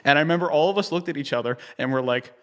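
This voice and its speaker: Lively storytelling man from New Jersey. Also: a little high, very fast. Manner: animated, chuckles often, many fillers like "you know" and "like". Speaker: interview guest. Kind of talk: conversational storytelling.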